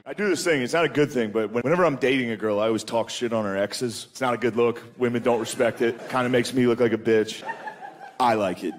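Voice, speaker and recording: A man's voice: medium pitch, fast. A man doing a crude, casual stand-up comedy set, peppering his lines with "dude".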